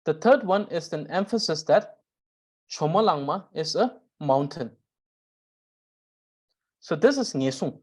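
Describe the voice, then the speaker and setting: A woman with a fairly low voice lectures on grammar in an unhurried, careful way. She circles back to restate each point and pauses with small fillers as she thinks. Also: expressive, a little mellow, slightly rough. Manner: careful, repeats and rephrases points, frequent "uh". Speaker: Tibetan grammar teacher.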